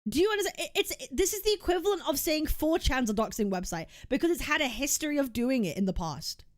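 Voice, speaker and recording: Woman streamer going off on a rant, pitch all over the place, bit high, super dry close sound. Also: animated, quick pace, dry recording. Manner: emphatic, repeats herself, argumentative. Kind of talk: heated reaction rant.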